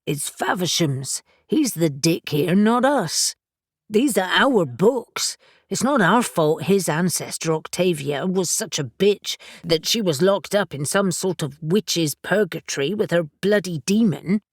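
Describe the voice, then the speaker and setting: A blunt, irreverent young man with a sardonic edge, as a woman narrator reads him. He talks low and slowly, in a close, dry sound. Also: animated, dry recording. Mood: irritated.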